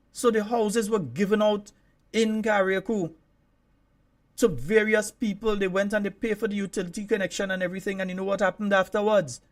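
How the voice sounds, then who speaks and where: A man with a Grenadian accent hosting a call-in radio show, telling stories with lively, easy laughter. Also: high voice. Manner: lively storyteller, laughs easily.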